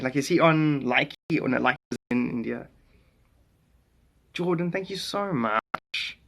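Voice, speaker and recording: A man with a mid-range voice and noticeable vocal fry chats casually during a phone live stream. Between chuckles and rambling, he answers viewer comments and jokingly attempts bits of German.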